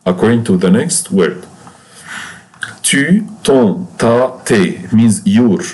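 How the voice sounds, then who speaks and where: Male language teacher, unhurried, patient drills with repetition, deep voice. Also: mellow. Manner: slow, patient, repeats each word and translation. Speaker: French teacher. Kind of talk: classroom lesson explaining French grammar in English.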